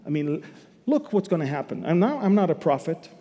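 A man teaching the Bible as a sermon, emphatic, with sudden loud bursts and humorous asides. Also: on the high side, sing-song, fairly quick, a little hiss or hum. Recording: long hall reverb.

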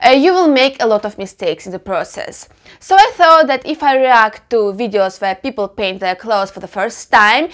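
Earnest woman hosting an art channel. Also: a little high. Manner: explanatory, earnest, with occasional laughs. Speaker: clothing customizer and channel host. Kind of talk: reaction video commentary.

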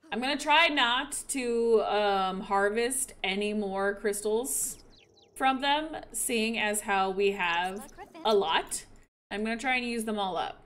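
A woman's voice: mid-range voice, a bit bright. A woman giving casual let's-play commentary, chatty and playful, joking at her own expense while she talks to her viewers. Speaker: game streamer.

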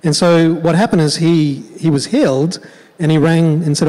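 A man preaches in a conversational, animated way, telling a story. His voice sits a little high. Long reverb from the hall trails after his words. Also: fairly quick. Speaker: pastor. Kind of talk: sermon storytelling.

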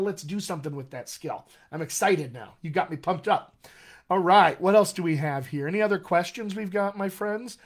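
A man coaching actors on accents in a live-streamed Q&A, energetic and encouraging, calling his viewers "my friends". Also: a little high, normal speed. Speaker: dialect coach. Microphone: computer mic on a live video stream.

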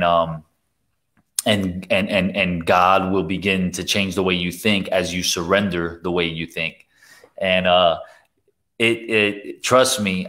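A man hosting and preaching a sermon in an earnest, halting way, often going soft and quiet. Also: low-pitched. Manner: earnest, with pauses and repeated words. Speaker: host and preacher. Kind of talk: preaching to camera.

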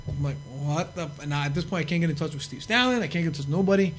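A middle-aged man tells rowdy stories at a quick clip. His voice sits high for a man, and he swears freely as he acts out what others said. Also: a little hiss or hum. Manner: profane, animated storyteller acting out quotes. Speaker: podcast guest. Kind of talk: casual storytelling.

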